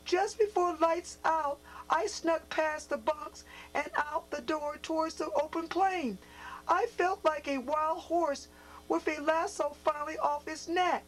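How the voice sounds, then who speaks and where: A woman reading the lines of a gentle, firm old Navajo grandfather in a children's story. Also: high voice, fairly even intonation, unhurried, a little hiss or hum, rough recording. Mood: reminiscing. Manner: soft, quiet, sometimes stern. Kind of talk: storybook read-aloud, character voice.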